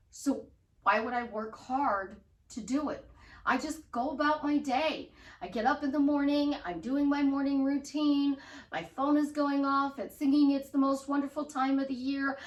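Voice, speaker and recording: A woman with a high voice gives a bubbly motivational talk as a life coach. She acts out excited affirmations as she goes. Her voice sits a little back from the mic in a roomy, echoing space. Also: far from the mic.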